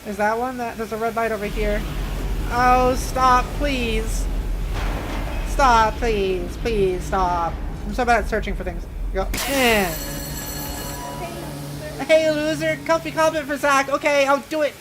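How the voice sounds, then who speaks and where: A young woman with a fairly high voice, chatting and reacting while she streams a horror game. Her talk is casual and jumpy, with steady background noise in the mix. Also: normal speed. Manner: chatty and jumpy, talks to chat. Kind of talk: casual gaming commentary.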